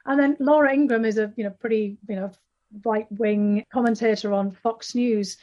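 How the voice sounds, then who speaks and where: A woman author from the Northeast of England answers an interviewer's questions at length, with many fillers and false starts. Her voice is a little high and warm, steady in tone and moderate in pace, though the recording is muffled.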